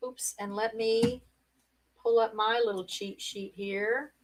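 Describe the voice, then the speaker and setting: A woman's voice: on the high side, level tone, slow, far from the mic, poor audio. A woman hosting a casual live-stream party game, chatty and laughing often as she reads out viewer comments.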